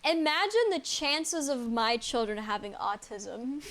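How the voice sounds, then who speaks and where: A young woman with a high, light voice chats live with her stream audience. She rambles from thought to thought, blunt and unfiltered, swearing freely and breaking into laughs. It is loose, off-the-cuff talk aimed at her chat. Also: lively intonation, slow, a bit bright. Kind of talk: casual stream chat, answering chat.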